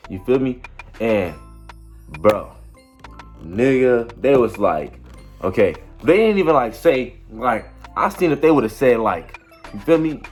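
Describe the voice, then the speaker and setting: A man's voice: fairly low pitch, lively intonation, fairly quick, soft background music. A young man telling a story in a casual, rambling way, full of slang and repeating "you feel me". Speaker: vlogger.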